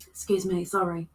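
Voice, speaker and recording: A woman's voice: fairly low pitch, a little mellow, husky. A woman hosting a casual crochet livestream, chatting playfully with viewers and with her pets.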